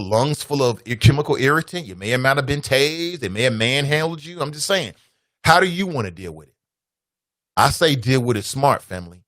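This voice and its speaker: A man's voice: a little high, fairly bright tone, no echo, clean studio sound. Preachy man hosting call-in radio. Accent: Cincinnati. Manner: preachy, addresses listeners as family. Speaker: radio talk show host. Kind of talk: call-in talk radio monologue.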